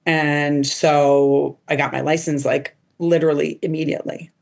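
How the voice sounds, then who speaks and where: A middle-aged woman chatting as a podcast guest, her voice sitting a little low. She tells stories in a lively way, leans heavily on "like", and slips into other people's voices when she quotes them. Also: moderate pace, gravelly. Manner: animated, quotes people in put-on voices, lots of "like". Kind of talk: casual storytelling interview.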